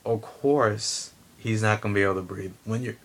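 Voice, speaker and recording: A man's voice: lowish voice, fairly even intonation, normal speed. A man giving a heated, blunt opinion rant to camera, swearing and restarting his sentences. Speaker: vlogger.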